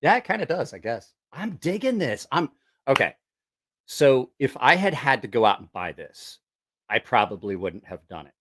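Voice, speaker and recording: A man's voice: mid-range voice, sing-song, moderate pace, fairly bright tone, husky. A middle-aged man chatting casually on a vlog, rambling and swearing while he makes fun of himself as he tests gear. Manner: rambling, profane, self-mocking. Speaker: musician testing a voice effects box.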